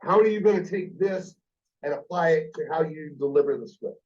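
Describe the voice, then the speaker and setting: A man's voice: on the high side, fairly quick, darkish tone, muffled recording. A man training call-center staff on phone sales, speaking emphatically and repeating his key points. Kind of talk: coaching a call-center team.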